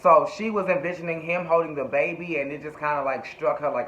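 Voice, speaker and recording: A sassy, chatty man recaps a TV show, cursing freely. His voice is fairly high and bright and tense. It sounds dull and lo-fi in an echoey room. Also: a little fast. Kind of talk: casual TV recap.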